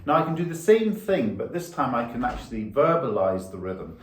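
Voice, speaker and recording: A man's voice: medium pitch, sing-song, brisk. A man giving a violin lesson, patiently explaining rhythm and counting the beats aloud. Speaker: violin teacher. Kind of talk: music lesson. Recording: echoey room.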